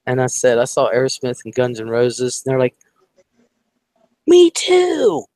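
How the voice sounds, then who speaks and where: A man's voice: medium pitch, fairly quick, smooth, no echo. A man from Ohio telling a rambling personal story in casual chat. He swears freely and acts out the voices of the people in it. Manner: animated, profane, acts out quoted voices.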